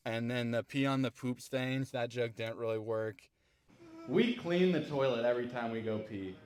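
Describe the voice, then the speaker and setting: A man's voice: medium pitch, normal speed, darkish tone, a little hiss or hum. A male stand-up comedian recapping his set in a casual vlog, laid-back and profane, judging his own jokes.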